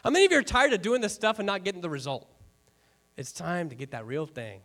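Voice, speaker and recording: High-voiced joking preacher. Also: male voice, fast. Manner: lively and conversational, with joking asides to the congregation; asks the room rhetorical questions. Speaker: pastor. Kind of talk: sermon. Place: church before a congregation.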